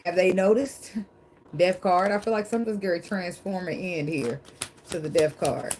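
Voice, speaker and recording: Woman tarot reader, low-pitched voice, blunt and profane, dramatic and preachy, faint background noise. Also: normal speed. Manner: emphatic, blunt and profane, laughs often; calls herself dramatic. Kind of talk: casual tarot reading with preachy asides.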